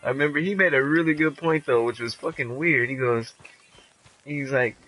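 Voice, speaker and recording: A man's voice: medium pitch, moderate pace, pushed and bright, soft background music, rough recording. A young man chatting casually and crudely while playing a game, often slipping into silly impressions. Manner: crude, joking, full of impressions. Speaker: gamer commentating his play. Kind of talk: casual let's-play chat.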